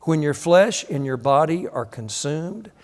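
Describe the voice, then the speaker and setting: A man, preaching a sermon and telling stories with animated quoted voices. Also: a little high, measured pace. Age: 60s. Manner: animated storytelling, acts out quotes with shifting voice. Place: church hall. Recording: reverberant church hall.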